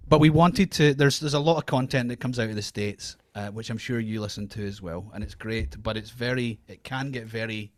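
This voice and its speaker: A man's voice: fairly low pitch, no echo. A Scottish man hosts a loose, friendly podcast chat. He often trips over his words and restarts. His voice sits close and dry on the mic. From Scotland. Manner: halting, lots of fillers and restarts, laughs easily. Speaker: podcast co-host. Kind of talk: casual chat. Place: Australia, remote call.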